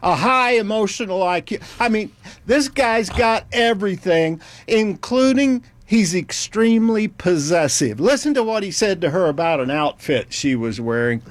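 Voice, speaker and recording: A man's voice: sits high, expressive, moderate pace. A man hosting a talk show, wry and joking, laughing between his lines. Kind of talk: casual talk show banter.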